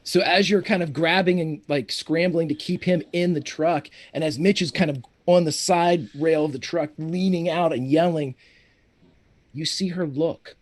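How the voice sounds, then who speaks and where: A man's voice: a little high, moderate pace. Man narrating as game master. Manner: descriptive, steady narration.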